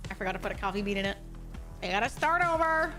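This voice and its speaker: A woman's voice: medium pitch, expressive, fast talker, sharp tone, faint music behind. A young woman streaming a game, chatting casually with over-the-top, profane outbursts. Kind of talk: casual game livestream chat.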